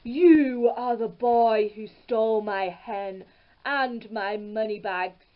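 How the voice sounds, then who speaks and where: Woman doing storybook ogre: slow, booming, menacing roar, dull lo-fi sound. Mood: roaring menace. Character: huge roaring male ogre, menacing.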